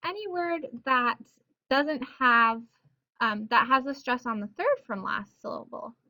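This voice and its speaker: A woman teaching Spanish pronunciation rules to her viewers, upbeat and sounding out example words slowly with emphasis. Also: a little high, expressive, bright, forceful tone. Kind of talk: explaining pronunciation rules to camera.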